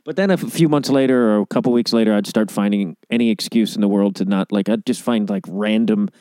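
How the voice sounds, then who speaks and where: A man's voice: on the low side, fast talker, dark tone, no echo. A middle-aged man in casual podcast chat, laid-back and self-deprecating, often laughing.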